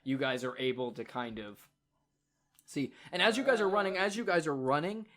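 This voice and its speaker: A man narrating a tabletop game as game master, in a casual, halting way with many fillers. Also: fairly high pitch, lively intonation, a bit bright.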